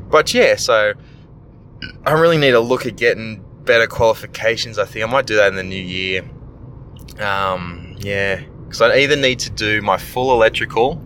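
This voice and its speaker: Young Aussie tradesman, lowish voice, blunt and foul-mouthed, rants casually, faint rumble behind. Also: fairly bright tone. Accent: Australian. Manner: blunt, profane ranting. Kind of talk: casual venting monologue.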